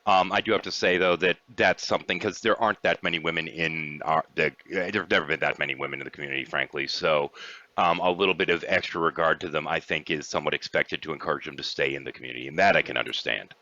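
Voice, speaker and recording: Blunt low-voiced man, dry lo-fi sound. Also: fast talker, bright, forceful tone, dry recording. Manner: blunt, profane, occasionally clears throat. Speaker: podcast host. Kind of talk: casual podcast chat.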